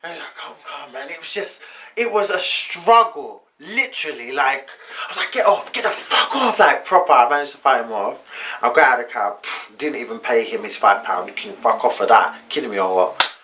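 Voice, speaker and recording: Young guy, casual storytime vlogger, mid-pitched, chatty and slangy. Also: fairly quick, background noise. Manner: chatty, slangy, candid retelling.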